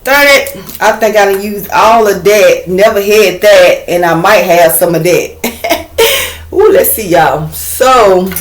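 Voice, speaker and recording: A woman's voice: mid-range voice, slow, echoey room. A woman giving a casual tarot reading to her viewers, blunt and chatty, swearing freely and talking straight to them. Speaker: tarot reader.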